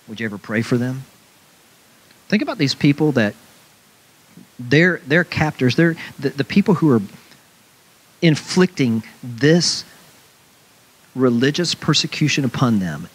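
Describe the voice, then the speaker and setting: A man's voice: medium pitch, husky. A man preaching a sermon, often asking "right?" of his listeners and briefly acting out other people's voices. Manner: animated, acts out mocking voices of people; repeats "right?" to the congregation.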